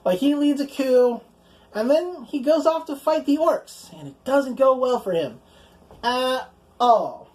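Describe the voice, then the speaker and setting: Chatty young woman with a higher voice. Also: lively intonation, a little slow, darkish tone, rough recording. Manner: chatty, fills speech with "like", swears casually, acts out quoted lines in passing. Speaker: anime reviewer. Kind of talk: casual spoken episode recap.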